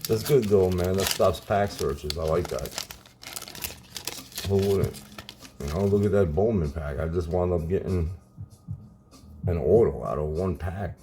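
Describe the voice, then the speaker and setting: A man in his forties casually chatting while opening card packs on his channel, relaxed and saying "man" a lot. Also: deep voice, unhurried, long pauses, slight background noise. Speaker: card collecting YouTuber. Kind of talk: casual pack-opening vlog.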